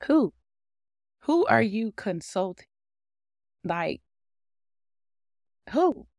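Lively woman preaching casually, gravelly edge. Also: mid-range voice, a little slow, no room sound, studio quality. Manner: animated, conversational, laughing often. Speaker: podcast host. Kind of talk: informal devotional teaching.

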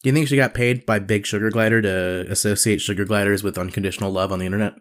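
Low-ish guy cohosting a podcast, joking around, rambly with uhs. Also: steady tone, racing. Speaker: podcast co-host. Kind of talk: casual chat.

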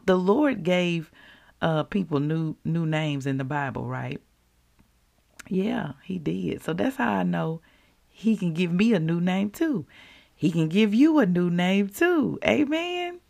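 A woman hosting a podcast, giving a casual, preacherly faith devotional in an animated, folksy way. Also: lowish voice, vocal fry. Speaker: podcast host.

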